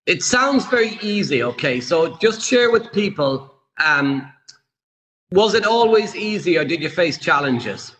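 Brisk, teasing man in an echoey room. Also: sits high, animated, a bit bright. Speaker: podcast host. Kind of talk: casual interview.

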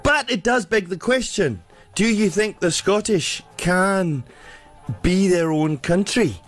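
A man hosting a radio breakfast show, telling a comic story in an animated way, hesitant and full of fillers. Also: high voice, slow pace, soft background music.

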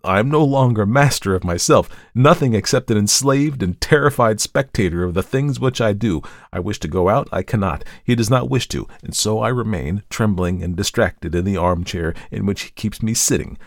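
A man giving a dramatic first-person story reading, intense, swinging between hushed dread and anguished outbursts. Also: fairly low pitch, normal speed, few pauses, no echo, studio quality. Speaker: story reader.

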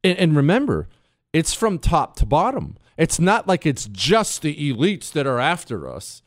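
A combative talk radio host who argues in emphatic bursts, his pitch swinging widely from high exclamations to low grumbles. He sounds close and dry on the mic, with no room around him. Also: big pitch swings, moderate pace, dry recording. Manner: combative, emphatic, swings between loud outbursts and low asides. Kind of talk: opinionated talk radio monologue.

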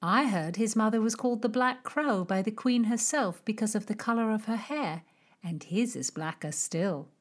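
A woman's voice: medium pitch, normal speed, pitched above the performer's own voice, close to an everyday voice. A woman voicing a deferential, gossipy young maidservant in an audiobook. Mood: eager. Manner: deferential, chatty. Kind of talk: audiobook character reading.

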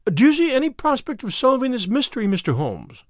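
A man putting on a brisk young woman for a storybook, pitched up above his own voice. She talks in a pointed, impatient way. The sound is dry and close. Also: huge pitch swings, dry recording, exaggerated voice. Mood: sharp.

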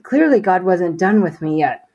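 A woman's voice: lowish voice, expressive, normal speed, mellow, highs cut off. Earnest woman sharing a faith testimony. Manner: earnest, conversational, many fillers. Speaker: interview guest.

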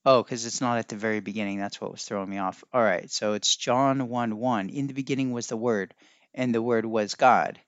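A man's voice: fairly low pitch, brisk, clean tone, no echo. A man hosting a solo podcast, talking in a musing, teacherly way that keeps correcting itself. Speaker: podcast host. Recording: dry, dull lo-fi sound.

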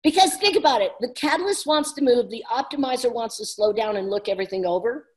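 Fast-talking, upbeat woman coach. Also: on the high side. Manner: fast, energetic, laughs often. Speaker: business coach. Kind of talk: casual conversation.

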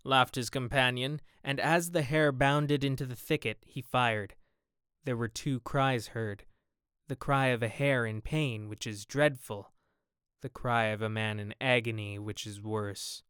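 A man's voice: mid-range voice, steady tone, a little slow, smooth, no echo, clean studio sound. A man reading a classic novel aloud as an audiobook narrator, acting out the characters' dialogue. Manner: acts out each character with raised, loud dialogue. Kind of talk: scripted narration.

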